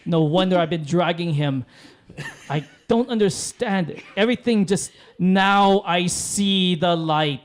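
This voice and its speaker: A man's voice: high voice, unhurried. A man voicing a blind man giddy with wonder over lemonade, in melodramatic, rambling exclamations, in an improvised tabletop role-play. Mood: awestruck.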